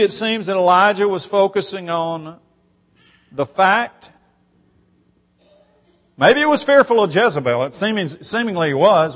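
A man's voice: high voice, a bit bright. A man preaching a sermon, reading scripture and stressing his points, his voice building on repeated phrases. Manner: emphatic, rising on repeated phrases, reads scripture aloud. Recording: long hall reverb.

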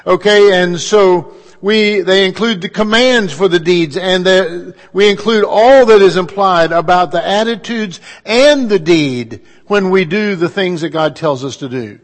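A man preaching a sermon as pastor, in a measured style with emphatic pauses and conversational asides. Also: high voice, in a large hall.

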